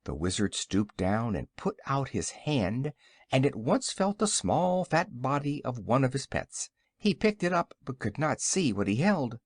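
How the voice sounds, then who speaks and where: A man narrating a classic children's audiobook in an expressive storytelling manner on a close mic. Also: medium pitch, unhurried, breathy edge, no echo. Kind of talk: scripted narration.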